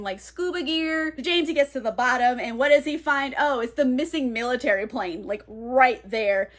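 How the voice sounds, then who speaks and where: A woman with a high voice recaps a novel in a loose, chatty way. She is sarcastic and laughs a lot, and her talk is full of fillers. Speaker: book reviewer. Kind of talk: casual book recap.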